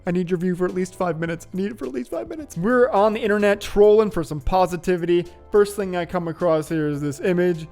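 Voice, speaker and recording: A man hosts his own show, chatting playfully and upbeat with plenty of jokes in casual vlog commentary. His voice is high-pitched and a little mellow, running fast with few pauses over soft background music.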